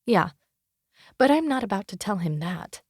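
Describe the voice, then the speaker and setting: A woman narrating a fantasy romance audiobook in first person, wry and expressive, close to the mic. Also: medium pitch, moderate pace, husky, no room sound.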